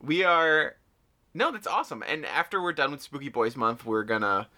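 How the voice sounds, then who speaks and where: Young male co-host, bright tone, deadpan-sarcastic and blunt. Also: medium pitch, moderate pace. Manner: sarcastic, blunt, swears casually. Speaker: podcast co-host. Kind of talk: casual podcast chat.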